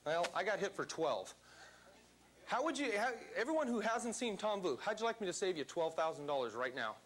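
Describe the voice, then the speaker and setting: A man's voice: high voice, big pitch swings, brisk, fairly bright tone. A man giving a motivational seminar talk to a live audience in a seminar room, speaking emphatically and quizzing the crowd.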